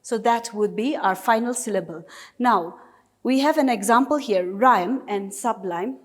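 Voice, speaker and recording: A woman's voice: on the high side, expressive, normal speed. A woman teacher from Nagaland with a Naga English accent, giving a recorded class lesson patiently and step by step with repeated examples. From Nagaland, India.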